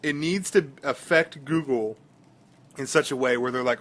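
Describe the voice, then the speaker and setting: A man's voice: medium pitch, normal speed, a bit bright. A man co-hosting a casual podcast, rambling through stories with many fillers and restarts. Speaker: podcast co-host.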